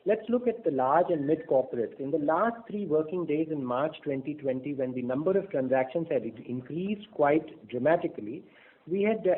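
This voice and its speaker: A man presenting as a bank executive on an earnings call, speaking in in a measured way, with frequent fillers and restarts. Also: on the high side. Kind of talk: business presentation on a conference call. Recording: phone-line audio.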